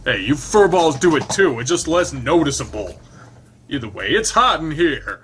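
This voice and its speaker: A man's voice: fairly high pitch, very animated, moderate pace, fairly bright tone, a little hiss or hum. A man reading a visual novel aloud, voicing a crude, irritable lizard man who swears and mocks his friends. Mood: gruff teasing. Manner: swearing, gruff, mocking.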